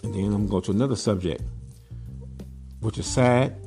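A podcast host and pigeon breeder from Southern California speaks briskly in a fairly low, dark-toned voice over soft background music. His casual monologue is blunt and preachy, packed with rhetorical questions.

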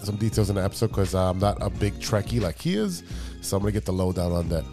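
A man's voice: deep voice, expressive, quick pace, over music. Wry man steering a podcast. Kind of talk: casual chat.

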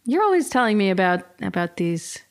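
A woman's voice: medium pitch, big pitch swings, a little fast. A woman co-hosting a podcast, chatting in a friendly, rambling way with apologetic asides. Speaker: podcast co-host. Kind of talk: casual chat.

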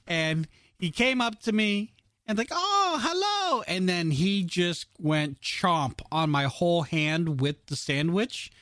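A man co-hosting a casual podcast, telling a story with many restarts and lively quoted voices. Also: a little high, takes it slowly, no room sound, clean studio sound. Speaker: podcast co-host.

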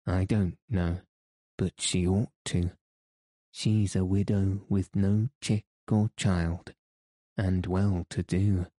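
A man's voice: low-pitched, level tone, takes it slowly, dark tone, dry recording. A man reading the part of a blunt, nagging woman housekeeper who scolds in an audiobook. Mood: scolding.

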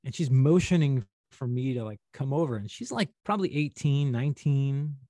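A man from St. Louis, a podcast co-host, telling a long story in casual chat with an animated, rambling manner. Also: medium pitch, normal speed, dry recording, studio quality. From St. Louis, USA.

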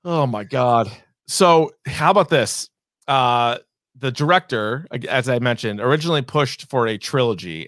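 A man's voice: medium pitch, a bit bright, no room sound, studio quality. A man co-hosting a movie podcast, talking casually and rambling, full of fillers, swearing and acted-out asides. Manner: rambling, profane, many fillers and quoted asides. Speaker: podcast co-host. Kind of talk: casual movie review chat.

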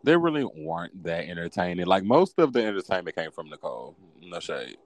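A man chatting casually with a co-host, playing a guessing game, playful and animated, his voice jumping high when he teases. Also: brisk.

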